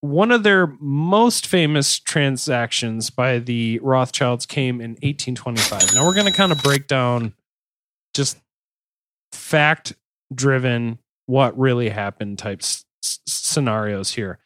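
A man's voice: mid-range voice, expressive, takes it slowly, a bit bright, dry recording, clean studio sound. Man rambling through a podcast chat. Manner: rambling, joking, self-correcting restarts. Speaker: podcast host. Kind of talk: casual podcast chat and reading notes aloud.

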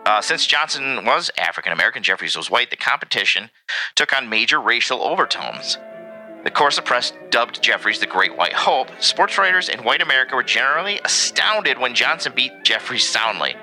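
Animated man reading history with jokes. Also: medium pitch, fairly quick, soft background music, poor audio. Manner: animated, reads facts with joking asides. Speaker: podcast co-host. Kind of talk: casual podcast history segment.

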